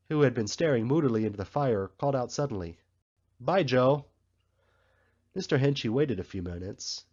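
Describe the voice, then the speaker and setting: Husky guy reading a story, measured, audio a bit dull. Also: mid-range voice, darkish tone. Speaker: audiobook reader. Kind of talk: audiobook narration. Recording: slightly muffled recording.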